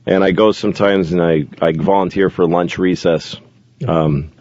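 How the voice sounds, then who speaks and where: Brief: deadpan comedian in his 40s, man, rambling anecdotes, dry close mic, dull lo-fi sound. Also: sits low, moderate pace, no room sound. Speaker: comedian guest. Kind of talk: casual chat, storytelling. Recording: dull lo-fi studio audio.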